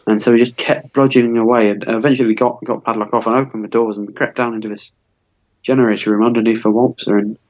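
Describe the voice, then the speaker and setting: On dull lo-fi podcast audio, a comedy co-host in his twenties rambles through a goofy story, restarting often and leaning on fillers. His medium-pitched voice is fast, fairly even in intonation and a little mellow.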